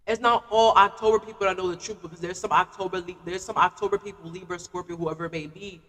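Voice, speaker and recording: A man's voice: sits high, quick pace, big-room sound. A man ranting casually on a live stream, full of "like" fillers. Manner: animated, repetitive "like" fillers.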